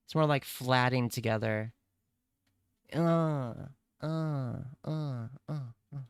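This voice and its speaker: A young man rambles and jokes with his chat during a casual livestream, talking to them directly in a playful, unhurried, drawn-out way. His medium-pitched voice is smooth and clear, recorded dry and close with no room sound.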